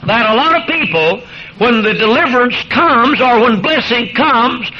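A man delivers a sermon in an unusually high voice, pressing his points emphatically and speaking straight to his listeners. The sound is dull and muffled, like an old radio broadcast. A steady hiss runs underneath. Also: a little slow. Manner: emphatic, addresses listeners as beloved. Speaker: preacher.

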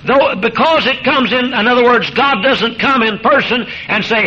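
A man delivers a sermon in an unusually high voice, pressing his points emphatically and speaking straight to his listeners. The sound is dull and muffled, like an old radio broadcast. A steady hiss runs underneath. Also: moderate pace, hardly any pauses. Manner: emphatic, addresses listeners as beloved. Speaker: preacher.

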